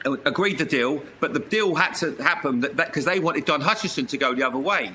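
A man's voice: on the high side, lively intonation, fairly quick, sharp tone, a little hiss or hum. A middle-aged man, a former footballer, telling stories in an interview and often laughing as he talks. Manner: laughs through his stories. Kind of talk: anecdotal interview storytelling.

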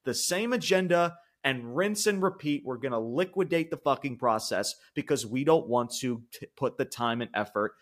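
A man's voice: medium pitch, lively intonation, normal speed, hardly any pauses. A man co-hosting a wrestling podcast, ranting heatedly with lots of swearing and repeated words. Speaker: podcast co-host. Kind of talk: casual wrestling podcast rant.

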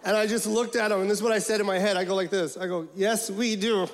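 A man doing a profane, animated stand-up comedy routine, acting out voices as he tells a story. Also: high voice, fast. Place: large venue with a live audience. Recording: echoey hall, loud crowd.

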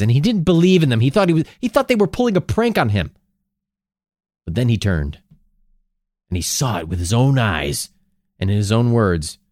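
A man's voice: medium pitch, darkish tone, dry recording, studio quality. A man co-hosting a podcast, retelling an old story in a casual, jokey way with sarcastic asides. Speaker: podcast co-host.

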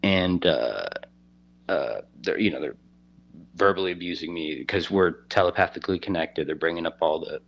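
Deep-voiced man rambling through a story. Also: highs cut off. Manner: rambling, halting, heavy on "you know" and "like". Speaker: guest telling a personal story. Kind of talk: casual storytelling.

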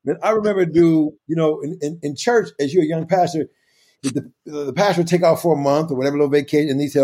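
A man co-hosting a casual chat, telling funny stories with lots of laughter and big leaps in pitch when quoting others. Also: sing-song, quick pace, warm tone, husky. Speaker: podcast co-host.

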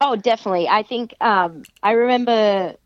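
Woman, pro wrestler guest, casual chatter, mid-pitched, dry dull recording. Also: a little fast, no room sound. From Australia. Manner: chatty, laughs often, acts out others' lines. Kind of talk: casual interview chat.

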